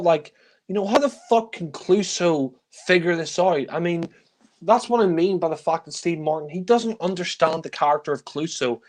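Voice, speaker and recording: A man giving a casual spoken film review, blunt and critical, with frequent sighs and filler words. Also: medium pitch.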